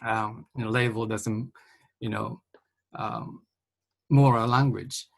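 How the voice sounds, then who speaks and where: Man, gravelly voice, halting, many fillers, academic question, video call. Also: on the low side, fairly even intonation. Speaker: professor asking a question.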